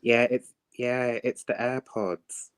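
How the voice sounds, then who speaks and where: A young man calling into a live stream on his phone microphone, eager and excitable, often laughing as he talks. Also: medium pitch, slow pace, clear, resonant tone. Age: young adult.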